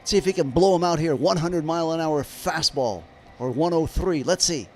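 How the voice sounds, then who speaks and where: A man's voice: on the high side, moderate pace, slight background noise. A man giving live play-by-play of a baseball game on a stream, chatting in rambling asides with viewers. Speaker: livestream baseball commentator.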